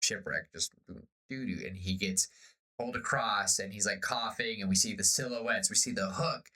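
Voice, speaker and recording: A man co-hosting a podcast, pitching a story idea in casual chat and acting out pirate lines in bursts. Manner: animated, acts out pirate lines in quick bursts. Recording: slightly off-sounding podcast audio.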